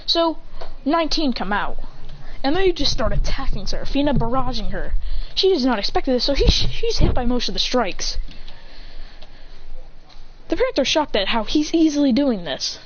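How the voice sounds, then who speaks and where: A woman's voice: high-pitched, normal speed, dull audio, slight background noise. A woman improvising a fan story, rambling and correcting herself as she goes. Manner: rambling, self-correcting, excited.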